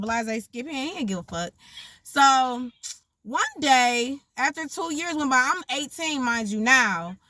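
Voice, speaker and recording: A young woman telling a story casually, animated and profane, acting out the voices of the people in it. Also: high-pitched, slow, no echo.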